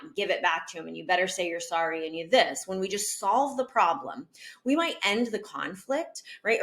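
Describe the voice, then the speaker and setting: A woman's voice: fairly low pitch, fairly bright tone. A woman giving a parenting talk, earnest and coaching, with rhetorical questions to her listeners. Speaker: parenting educator. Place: community center video.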